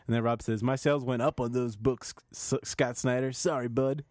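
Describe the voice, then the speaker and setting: A man's voice: mid-range voice, fairly even intonation, a little fast, a little mellow, dry recording, clean studio sound. A man co-hosting a casual podcast chat, reading posts aloud and breaking into laughter, with frequent restarts. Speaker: podcast co-host reading news.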